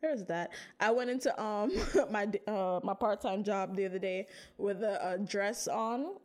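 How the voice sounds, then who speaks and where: A woman co-hosting a podcast in casual chat, animated, laughing often and swearing casually. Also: mid-range voice, unhurried. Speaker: podcast co-host.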